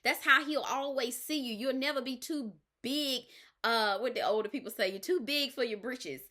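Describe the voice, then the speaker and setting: Bright emphatic woman coach. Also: high voice, moderate pace. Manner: emphatic, repeats "all right?" to the listener. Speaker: life coach. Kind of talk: motivational faith talk.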